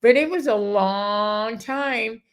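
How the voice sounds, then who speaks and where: A woman's voice: fairly high pitch, slow. A middle-aged woman telling her personal story in a casual chat, rambling and often breaking off mid-sentence. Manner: rambling, self-interrupting, acts out others' words. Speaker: guest.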